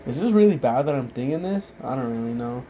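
Slurring through a loose, rambling monologue, an intoxicated young man keeps halting, losing track of what he's saying, and cursing freely. His voice is mid-range, mellow and animated, with slight background noise.

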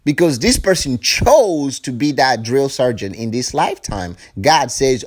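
Give me a lively, fervent man preaching about the spirit, swearing freely. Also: mid-range voice, unhurried, hardly any pauses, husky. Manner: fervent, profane, preachy, acts out voices. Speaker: spiritual speaker. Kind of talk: impassioned spiritual monologue.

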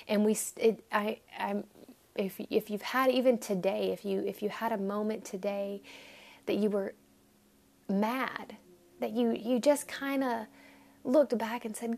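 A woman's voice: on the high side, unhurried, creaky, dark tone. A woman giving an informal devotional talk to listeners, earnest and rambling, with frequent restarts, at times dropping to a near whisper. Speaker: devotional podcast speaker.

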